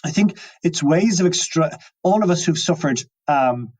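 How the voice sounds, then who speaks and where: A man's voice: fairly high pitch, expressive, moderate pace, darkish tone, husky, poor audio. A man talking as an interview guest, musing and reflective, often restarting his sentences. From Ireland. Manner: musing, many restarts and trailing phrases.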